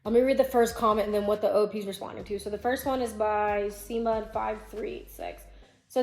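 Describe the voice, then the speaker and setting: A woman's voice: medium pitch, fairly even intonation, fairly quick, a little mellow. A woman vlogger reading online posts aloud and commenting in a chatty, opinionated way, thinking aloud as she goes. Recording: roomy echo, faint music.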